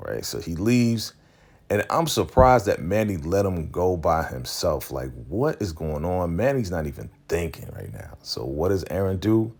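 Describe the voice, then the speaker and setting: A man recapping a TV episode in a casual, slangy, chatty way, often acting out the characters' lines in quick quoted voices. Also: low-pitched, big pitch swings, gravelly, darkish tone. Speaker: TV recap host.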